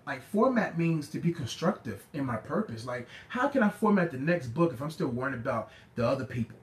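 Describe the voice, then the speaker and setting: A man preaching a sermon in a call-and-response style. He repeats slogans, shouts some lines and drops to low, quiet asides in others. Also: sing-song, fairly quick, hardly any pauses, roomy sound. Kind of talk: preaching sermon to a live audience.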